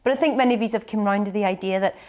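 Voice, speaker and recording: Young woman, fitness instructor, brisk upbeat explainer in a relaxed Q&A chat. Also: mid-range voice. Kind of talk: casual Q&A chat to camera.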